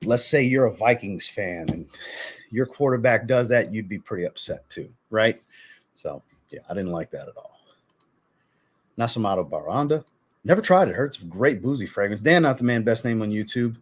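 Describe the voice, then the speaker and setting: A man's voice: lowish voice, lively intonation, moderate pace, husky. A man hosting a fragrance livestream, greeting viewers by name, then ranting bluntly and profanely before apologizing. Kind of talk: casual livestream chat reading viewer comments.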